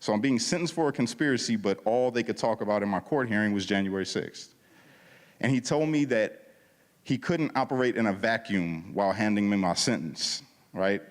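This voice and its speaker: A lively man with a low voice, giving a testimony in a reverberant church hall. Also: moderate pace. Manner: animated storytelling, acting out quoted dialogue; casual, slangy. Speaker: guest speaker at a church service. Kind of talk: testimony talk.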